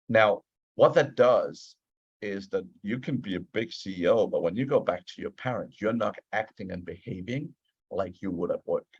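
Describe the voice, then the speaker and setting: A man's voice: lowish voice, vocal fry, darkish tone, husky, no room sound, dull audio. A man, a management consultant, explaining his ideas in a casual interview, earnest and often repeating words as he starts a thought.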